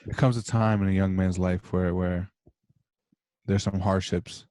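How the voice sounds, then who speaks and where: A man's voice: low voice, fairly even intonation, a little slow, mellow, dry recording. A young man and podcast host on a video call, going on an impassioned, rambling monologue full of swearing. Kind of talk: casual chat over video call.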